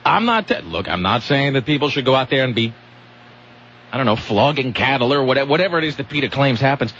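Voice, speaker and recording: A man's voice: medium pitch, lively intonation, fast, fairly bright tone, dull audio, slight background noise. A man hosting a comedic talk radio show, rambling and sarcastic, often cutting himself off mid-sentence. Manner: sarcastic, rambling, self-interrupting.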